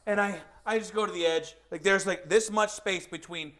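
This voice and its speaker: A man co-hosting a podcast, telling a long anecdote in a casual, animated way and acting out the quotes. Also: sits high, moderate pace. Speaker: podcast co-host. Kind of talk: casual storytelling.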